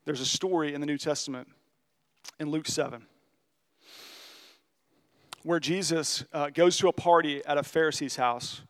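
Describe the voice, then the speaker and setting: A pastor giving an earnest, conversational sermon. He tells stories in a confessional way and slows down to stress key lines. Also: on the high side, fairly bright tone.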